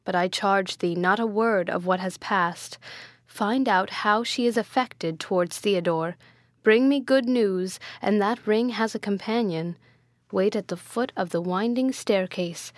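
A jealous, tyrannical prince, as a woman reader voices him barks orders in a stern, commanding tone. His words come slow and weighty. The sound is dry and close. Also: mid-range voice, dry recording, close to an everyday voice. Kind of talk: audiobook character voice.

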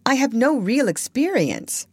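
Prim, motherly little girl, as a woman reads her in a storybook, lifted pitch, lively lilt. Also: measured pace, slightly rough, no echo, full character voice. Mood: earnest. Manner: prim, gently earnest. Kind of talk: audiobook character voice.

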